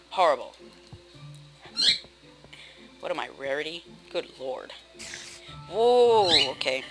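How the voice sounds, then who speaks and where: Young guy chatting n joking at himself while he builds in a game, kinda high voice, game music going behind. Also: low-quality recording. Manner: rambling self-mocking chatter with loud outbursts. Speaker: gaming video host. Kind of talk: casual gameplay commentary.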